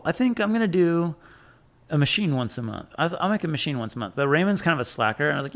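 A man's voice: fairly high pitch, very animated, fast, fairly bright tone. A man talking casually in an interview, rambling with many fillers and some swearing, acting out what he and others said. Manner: rambling, frequent fillers and profanity, acts out his own quotes. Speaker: tattoo machine builder, guest.

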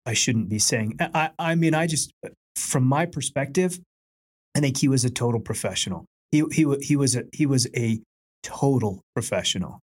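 A man's voice: mid-range voice, lively intonation, darkish tone, slightly rough. A man who was once a police officer, talking reflectively in a casual chat, often restarting his sentences. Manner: reflective, halting, repeats his words.

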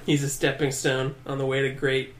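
A man's voice: medium pitch, monotone, moderate pace, a bit bright. A man co-hosting a podcast, speaking in mock-pompous, theatrical phrases in casual chat. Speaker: podcast co-host. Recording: echoey, noisy room.

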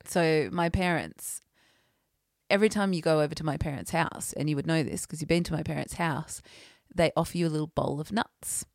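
A woman's voice: low-pitched, brisk, gravelly, dry recording, clean studio sound. A woman, chatting casually and telling funny stories, laughing often and acting out the people she quotes. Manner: animated storyteller, laughs often, acts out quoted voices. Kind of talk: casual chat and storytelling.

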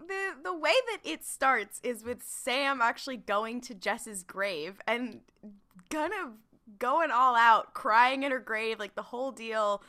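A giggly woman co-host tossing jokey asides into a casual recap. Her voice is high and bright, and it swings widely in pitch. She talks in a loose, playful way. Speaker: podcast co-host.

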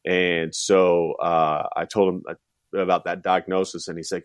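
A middle-aged man from the United States talks basketball in a loose, animated podcast chat, slipping into fans' voices as he goes. His voice sits on the low side. The sound is dry and close to the mic. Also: a little slow, clean tone, no room sound. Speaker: college basketball analyst.

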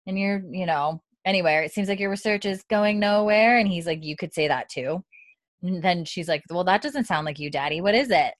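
A woman with a fairly low voice recaps a TV episode in casual conversation. She keeps quoting the characters' lines in between plenty of fillers. The sound is dry and close. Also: a little fast, dry recording. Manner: retells scenes with quoted lines, many fillers and laughs. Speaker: podcast co-host recapping a TV episode.

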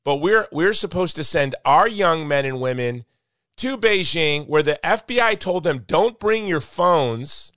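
A man's voice: on the high side, expressive, normal speed, a bit bright, no room sound, studio quality. A man hosting a podcast in casual chat, speaking with passion and repeating points for emphasis. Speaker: podcast host.

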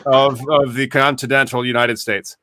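A man's voice: mid-range voice, little pitch movement, normal speed, bright, forceful tone, slight background noise. A man hosting a live podcast, talking casually and rambling with many fillers. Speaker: podcast host.

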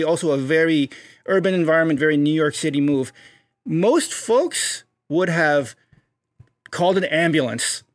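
Male podcast co-host, gravelly, animated storyteller, dry close mic. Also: fairly high pitch, no room sound. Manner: hypes stories up, acts out bits in jumpy voices.

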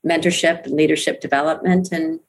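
Middle-aged woman, interview guest, earnest, emphatic, repeats phrases, lowish voice. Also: fairly even intonation, brisk, slight background noise. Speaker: guest, network marketing leader. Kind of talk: candid interview talk.

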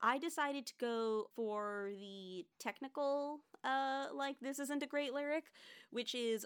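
An enthusiastic woman podcast host with a fairly high voice talks in a casual, chatty way. She comes across lively and eager, like someone hosting a relaxed chat. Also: slow, smooth. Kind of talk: casual chat about musicals.

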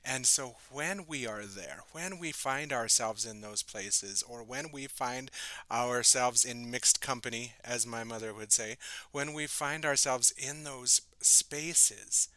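A man hosting a podcast interview, posing questions in a measured way. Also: medium pitch, bright, forceful tone, no room sound, low-quality recording. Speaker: podcast host, social work educator. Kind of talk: interview host.

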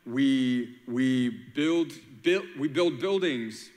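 A man preaching a lively sermon as pastor, playful, acting out quotes and using rhymes. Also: medium pitch, drawn-out words, long reverb tail.

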